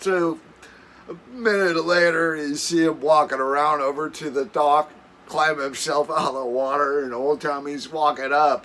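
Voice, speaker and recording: A man's voice: medium pitch, fairly even intonation, slow, pauses often, pushed and bright. A man telling camping stories in a casual, rambling way for his vlog, chuckling often and restarting his sentences. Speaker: camping vlogger. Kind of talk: casual storytelling. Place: camper.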